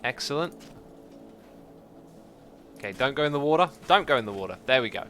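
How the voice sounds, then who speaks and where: A man hosting a live gameplay stream, chatty and excitable, thinking aloud and reading out chat messages. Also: medium pitch, brisk, slight background noise. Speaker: livestream host.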